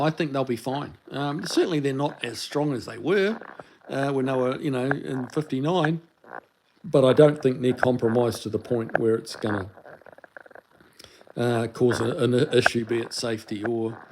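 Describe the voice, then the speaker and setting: Relaxed New Zealand man chatting. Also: mid-range voice. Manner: rambling, relaxed, many fillers and restarts. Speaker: livestream host answering chat. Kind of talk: casual livestream chat.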